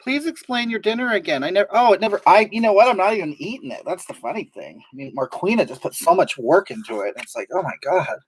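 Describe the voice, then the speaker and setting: A performer in a live comedy stream rattles along quickly with few pauses, using a mid-range, slightly rough voice with lively intonation. She's playing a gossipy, brash woman host who rambles and turns indignant while reading chat aloud.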